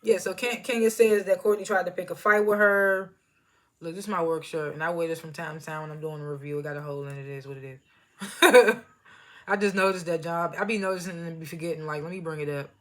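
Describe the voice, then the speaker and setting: A woman's voice: on the low side, steady tone, fast. A woman giving a casual, rambling recap of a reality show, loose and slangy, often laughing at herself. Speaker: TV show reviewer. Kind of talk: casual chatty recap commentary.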